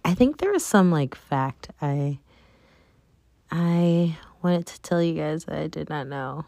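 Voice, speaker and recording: A woman's voice: sits low, lively intonation, slow pace, gravelly, a little mellow, no room sound, clean studio sound. A woman hosting her own show, chatting casually and rambling with plenty of fillers. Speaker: podcast host. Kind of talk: casual solo chat.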